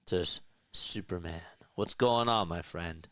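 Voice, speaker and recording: A young man doing live baseball play-by-play on his own stream, trading casual talk with his chat between pitches. His voice is fairly low yet bright and crisp, recorded dry and close on a desk mic. His calls of each pitch jump up in pitch and energy. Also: normal speed, no room sound.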